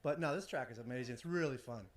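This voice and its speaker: At an outdoor racetrack, a professional drift driver from the United States chats in a casual interview. His voice is mid-range and quick, full of excitement and easygoing slang.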